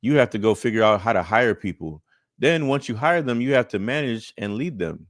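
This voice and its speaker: A man's voice: mid-range voice, expressive, a little fast, dry recording, studio quality. A man reacting to a video and earnestly explaining how business owners burn out, repeating key points. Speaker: accountant and business coach reacting. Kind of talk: reaction commentary, advice.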